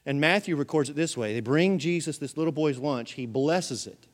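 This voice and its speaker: A male pastor preaching a sermon with humorous, animated storytelling. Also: fairly high pitch, moderate pace.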